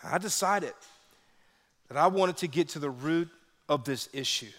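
A man's voice: a little slow, big-room sound. A man preaching a sermon as pastor, telling personal stories and acting out quotes with big swings in his voice. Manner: animated, acts out quotes with big pitch jumps.

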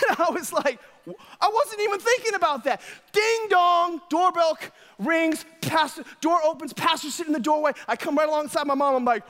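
Energetic male preacher with a high voice, playful storyteller, church hall reverb. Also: brisk. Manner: energetic, animated storytelling with acted quotes. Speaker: pastor. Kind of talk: sermon. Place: church sanctuary.

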